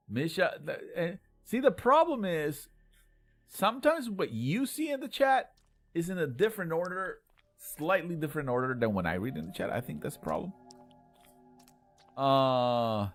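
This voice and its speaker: A male livestreamer commentates his game in a bouncy, higher-than-usual voice that swings widely up and down. He jokes and bickers with his chat, then breaks into loud yells. The sound is dry and close, with a little music under it. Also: big pitch swings, a little fast, no echo. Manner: playful, chatty, bursts into loud exclamations; argues jokingly with chat. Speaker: livestream host playing a game with viewers. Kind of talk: live gaming commentary.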